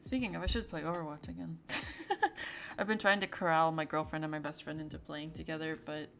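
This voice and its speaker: A young woman streamer chatting casually with her viewers, laughing often and trailing into quick asides. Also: deep voice, steady tone, creaky, fairly bright tone, a little hiss or hum.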